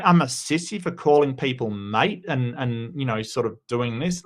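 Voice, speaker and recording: A man's voice: medium pitch, animated, normal speed, a bit bright. An Australian man hosting a casual livestream, chatting loosely with many restarts and greeting viewers by name. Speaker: livestream host.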